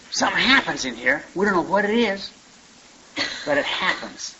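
A man's voice: sits high, very animated, moderate pace, pauses often. A man telling his story at a recovery meeting in a rambling, folksy way, often adding "man" and "you know". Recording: dull lo-fi recording with faint hiss.

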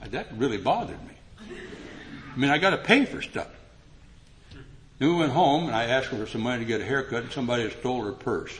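Older male speaker at a meeting, humorous story delivered with lively acted-out dialogue, mid pitch. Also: fast, pauses often, slight background noise. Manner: animated, rises in pitch when acting out dialogue. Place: meeting room before an audience.

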